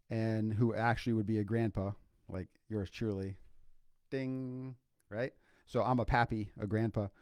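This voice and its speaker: A grandfatherly psychologist from Iowa, co-host of a podcast, speaks solo in an informal livestream at a medium, mellow pitch. There's no echo and the audio is studio quality. He's sincere but off-the-cuff, restating points and using lots of fillers.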